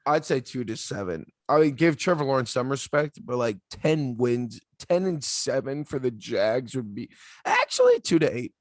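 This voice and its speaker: A man's voice: mid-range voice, huge pitch swings, no room sound, studio quality. A young man co-hosting a casual podcast chat over a video call, hedging his picks and laughing often. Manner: hesitant, hedging, quick to laugh. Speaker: podcast co-host.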